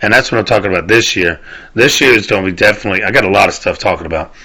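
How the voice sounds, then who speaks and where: A man's voice: fairly low pitch, very fast, sharp tone. A man, hosting a casual rant show, rambling and cursing as he laughs at his own stories. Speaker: podcast host. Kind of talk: casual ranting monologue.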